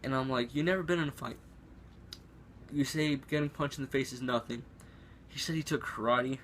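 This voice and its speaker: A teenage boy tells a school story to his camera in a loose, rambling way, leaning on fillers and starting lines over. His voice sits at a middle pitch. A faint room hum sits behind him at home. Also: normal speed, a bit bright. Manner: rambling, filler-heavy, restarts often. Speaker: vlogger. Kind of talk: casual storytelling.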